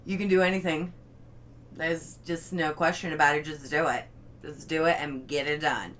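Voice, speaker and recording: A woman's voice: deep voice, fairly even intonation, normal speed, a bit bright, a little hiss or hum. A young woman talks viewers through chalkboard lettering from her living room floor. Her manner is chatty and encouraging, full of casual asides as she works. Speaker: art instructor. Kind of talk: casual video lesson.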